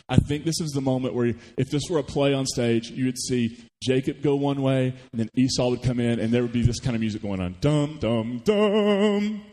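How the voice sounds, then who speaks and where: A man preaching a sermon, retelling a story with animated rhetorical questions to the congregation. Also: medium pitch, big-room sound. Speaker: pastor. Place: church.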